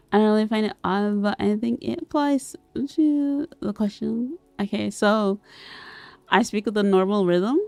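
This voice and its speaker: Giggly streamer woman with vocal fry. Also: medium pitch, unhurried, dry recording. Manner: swings between squealing excitement and soft mumbling; giggly, reads chat aloud and answers it. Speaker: vtuber streamer. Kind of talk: casual live-stream chat.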